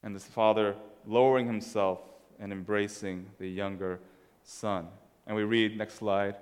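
A man's voice: on the low side, steady tone, measured pace, smooth, in a large hall. A man preaching a sermon in a casual, conversational way, telling a story as he walks through slides. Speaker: pastor.

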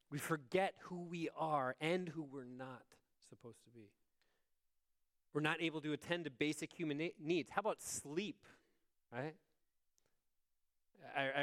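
A man preaching a sermon in a conversational way, often checking in with his listeners. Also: medium pitch. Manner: conversational, asks the congregation "right?". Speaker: pastor.

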